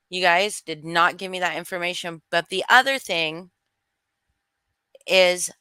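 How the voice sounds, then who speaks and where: A woman's voice: on the low side, bright, forceful tone, clear, resonant tone, no room sound. A woman hosting a livestream, giving blunt, heated commentary full of swearing while greeting viewers in chat. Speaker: livestream host.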